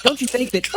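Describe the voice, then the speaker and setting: A man's voice: extremely high pitch, noisy background, exaggerated voice. A man voicing a condescending creationist apologist who lectures with patronizing, sing-song questions. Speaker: panelist.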